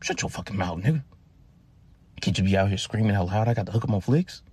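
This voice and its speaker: A man doing a hushed, guarded teen dealer. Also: on the low side, fast, husky. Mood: hushed scolding. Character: secretive teenage boy dealing tapes, guarded.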